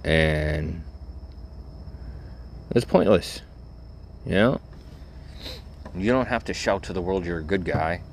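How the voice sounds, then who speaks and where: Vlogging casually from inside a vehicle, a middle-aged man rambles bluntly and cynically in a very deep, low, gravelly voice, full of fillers and the occasional curse. He's expressive, slow, and pauses often, with a faint road hum behind him.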